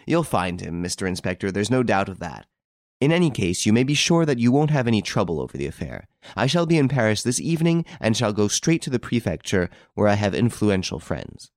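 Smooth confident gentleman, low voice with lots of lilt, read by a guy. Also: big pitch swings, brisk, no echo, studio quality. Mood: assured. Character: suave gentleman adventurer, confident and gallant.

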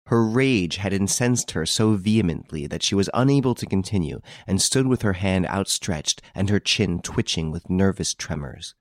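A man narrating a classic novel as an audiobook, in measured, expressive storytelling. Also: sits low, no room sound, studio quality.

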